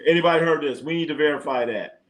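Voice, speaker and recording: Animated man hosting a sports livestream. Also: on the high side, fast. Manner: animated, jokey, reacts to chat. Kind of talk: casual live chat commentary.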